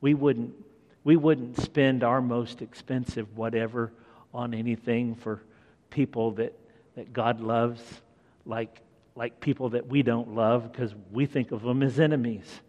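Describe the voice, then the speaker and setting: Slow-talking preacher in an echoing hall. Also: male voice, mid-range voice, level tone, highs cut off. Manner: conversational, asks the listeners questions. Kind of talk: sermon. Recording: long echoing hall reverb.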